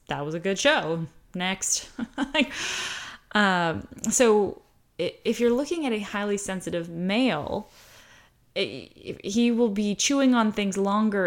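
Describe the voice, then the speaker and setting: An American woman talks through her subject in a relaxed, unscripted monologue. Her voice sits a little low, yet she is lively and jumps up in pitch whenever she mimics what others might say. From United States. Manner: animated, acts out quoted voices with pitch jumps. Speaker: host talking about high sensitivity. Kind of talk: casual explanatory monologue.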